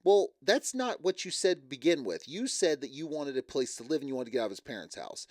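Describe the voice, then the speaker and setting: A man giving casual, opinionated reaction commentary on a reality show, sarcastic and quick to laugh. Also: a little high, expressive, darkish tone, no echo, studio quality. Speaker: reality TV recap host.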